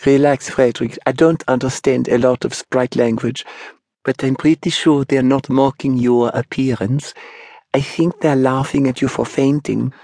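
A man voicing a kind young woman healer in a gentle, raised voice. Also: mid-range voice, steady tone, moderate pace, no room sound, studio quality, pitched above the performer's own voice, close to an everyday voice.

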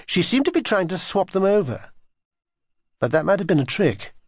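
A man reads a children's storybook aloud with expressive, lively intonation that rises and falls widely. His voice has a husky grain. The recording is close and dry, with no room sound. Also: high-pitched, normal speed, no room sound. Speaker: audiobook narrator.

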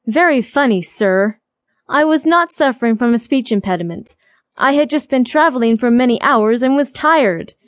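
A quick-tempered young heroine in a romance audiobook, sarcastic and easily exasperated, as the woman narrator reads her. Her voice sits fairly high and sounds close and dry. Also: lively intonation, no echo, lightly acted.

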